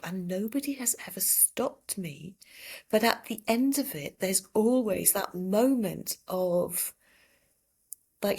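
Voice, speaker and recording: A woman in her sixties, a palliative care doctor, telling stories from her work in a gentle, reflective way in a podcast interview. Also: medium pitch, gravelly. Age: 60s. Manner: reflective, gentle, recounting patient stories with quoted speech.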